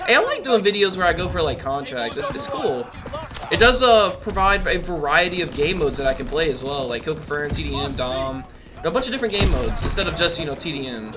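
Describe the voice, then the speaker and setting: A man's voice: a little high, sing-song, fast, over music. A young man giving chatty, slang-filled live commentary over his gameplay, often exclaiming and laughing. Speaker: gaming youtuber.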